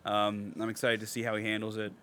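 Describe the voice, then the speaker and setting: Excitable, swearing young man with a bright voice. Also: fairly low pitch, fast talker, clean tone. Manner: excitable, profane, swings from mumbling to loud outbursts. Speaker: podcast co-host. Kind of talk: casual podcast chat.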